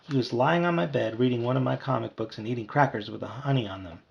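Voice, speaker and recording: A man reading a children's book aloud in a lively storytelling manner. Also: fast talker, vocal fry, dull audio. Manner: lively, voices characters with higher shouts. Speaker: audiobook reader.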